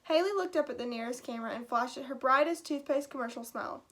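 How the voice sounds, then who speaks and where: High-voiced woman teacher reading aloud. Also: fast talker, fairly bright tone. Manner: chatty asides between reading. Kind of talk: reading a book aloud to a class.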